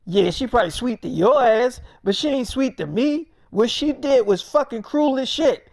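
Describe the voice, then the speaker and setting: Man playing a swearing, pushy best buddy, high and forceful. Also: expressive, moderate pace, dry recording, clean studio sound. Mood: accusing. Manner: profane, confrontational, keeps pressing. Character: heated, loud-mouthed male best friend.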